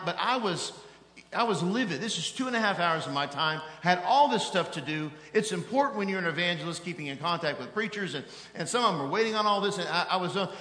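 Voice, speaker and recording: A middle-aged man preaching as an evangelist, telling a story in an animated, self-mocking way that swings from loud exasperation to hushed tones. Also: sits high, a little hiss or hum. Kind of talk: sermon storytelling. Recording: echoey hall with long reverb.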